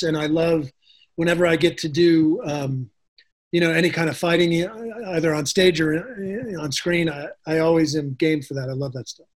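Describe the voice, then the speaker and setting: High-voiced chatty American-stage actor. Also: male voice. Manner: chatty, many restarts and fillers. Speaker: actor, guest. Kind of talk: casual storytelling interview.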